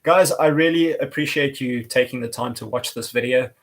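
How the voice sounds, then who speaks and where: A man's voice: mid-range voice, normal speed. Male motorcycle vlogger, casual and rambly, chatty storyteller.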